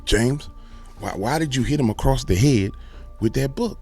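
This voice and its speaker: A man's voice: mid-range voice, lively intonation, moderate pace, a little mellow, soft background music, pitched above the performer's own voice, lightly acted. A man voicing a stern nun who is a school principal, questioning a boy.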